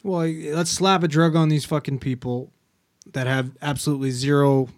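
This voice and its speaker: A man's voice: level tone, moderate pace, dry recording, studio quality. Blunt, swearing podcast man. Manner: blunt, swearing, often drops low and quiet. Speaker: podcast co-host. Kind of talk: casual podcast chat.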